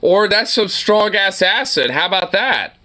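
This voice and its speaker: A young man on a stream reacts to a video with rambling, profane, casual commentary full of stammered restarts. His voice is high-pitched and expressive, his pace measured, and the background is noisy.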